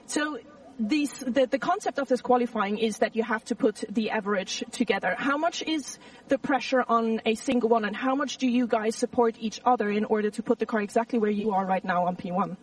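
A woman's voice: fairly high pitch, fairly quick, breathy edge, recorded from a distance, rough recording. Bubbly woman reporting from the race grid. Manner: chatty, bubbly, talks freely. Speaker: pit lane reporter. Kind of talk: live trackside interviewing.

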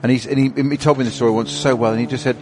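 A man's voice: mid-range voice, fairly even intonation, rapid-fire, a little mellow, slight background noise. A man co-commentating on a race, telling a story with animation and easy laughter. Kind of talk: anecdotal chat.

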